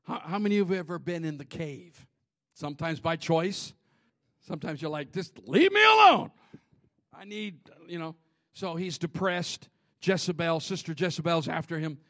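A man preaching a sermon in a church, dropping to whispers and rising to shouts. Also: on the high side, normal speed. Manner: animated preaching, swings from hushed whispers to shouts. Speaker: pastor. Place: church sanctuary.

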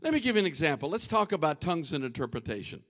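A man preaching a humorous, animated sermon and addressing the congregation directly. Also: fairly high pitch, very fast.

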